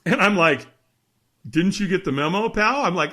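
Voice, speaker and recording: A middle-aged man telling a story with a bright, forceful tone and a slightly husky edge. His pitch swings widely as he acts out the voices in his tale, sitting a little high for a man. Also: big pitch swings, fairly quick. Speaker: podcast guest. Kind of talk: animated storytelling.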